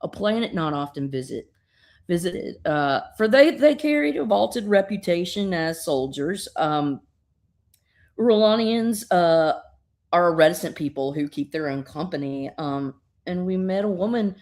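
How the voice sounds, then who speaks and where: A woman's voice: fairly low pitch, lively intonation, a little slow, a little mellow. A woman voicing a young girl who narrates in formal, old-fashioned storytelling diction.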